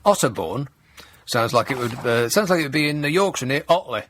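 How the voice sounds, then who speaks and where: A man's voice: medium pitch, expressive, fairly quick, fairly bright tone, dry recording. A man hosting a talk radio show in a studio, reading the news with sarcastic, mock-outraged asides. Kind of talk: comedic talk radio monologue. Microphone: studio microphone.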